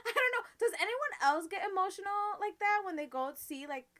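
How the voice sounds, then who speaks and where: A woman's voice: very high-pitched, fairly quick. A woman in her thirties co-hosting a podcast, telling stories in casual chat and laughing often. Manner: laughs often, animated storytelling. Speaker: podcast co-host.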